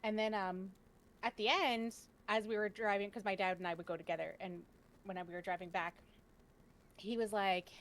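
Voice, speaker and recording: A woman's voice: medium pitch, fairly even intonation, normal speed, fairly bright tone, a little hiss or hum. A woman on a panel telling a family story casually, laughing often as she goes. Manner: chatty, laughs often, acts out quoted family lines.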